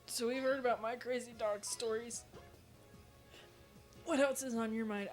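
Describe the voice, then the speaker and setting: A woman with a slightly high voice banters over a video game, teasing her partner and laughing often. She swears in a casual, joking way. Faint game music plays behind her. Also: steady tone, normal speed. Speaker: let's play co-host. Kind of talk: casual gaming chat.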